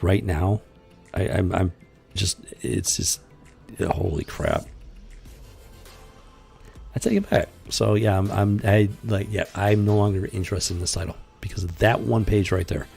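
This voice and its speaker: A man's voice: low-pitched, creaky, dark tone. A man hosting a casual comic book commentary, exasperated and blunt, swearing freely and often stumbling over his restarts. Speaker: host.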